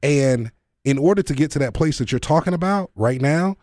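A man hosting a faith-centered talk show, walking through ideas with everyday comparisons. His pitch rises and falls a lot as he explains, and he presses his guest to repeat key points. The sound is dry and close. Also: lively intonation, normal speed, a little mellow, dry recording. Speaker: podcast host.

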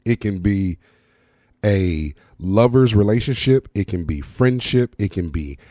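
A deep-voiced man hosts a motivational talk. His tone is dark and mellow, and he pushes his points home with preacher-like repetition. The recording is close and dry, with no room sound. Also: animated, unhurried, no echo. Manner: emphatic, preacherly, repeats words for effect. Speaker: podcast host. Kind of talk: motivational monologue.

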